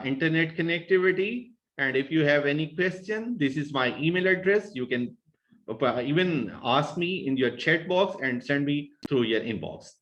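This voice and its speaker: Pakistani-accented man lecturing slowly. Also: a little high, fairly bright tone, lo-fi sound. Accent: Pakistani English. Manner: slow, deliberate enunciation of example sounds. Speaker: guest lecturer. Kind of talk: webinar lecture. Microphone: video call.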